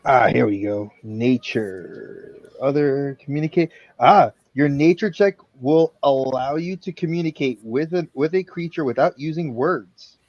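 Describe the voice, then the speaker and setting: A man talks through tabletop rules with a blunt, swearing edge, reading and explaining as he goes. His voice sits in a middle pitch. It comes over dry and dull, like a lo-fi podcast mic. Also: measured pace, a little mellow, dry recording. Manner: rules-focused, profane, flips through rulebook aloud. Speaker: player. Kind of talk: casual tabletop game chat.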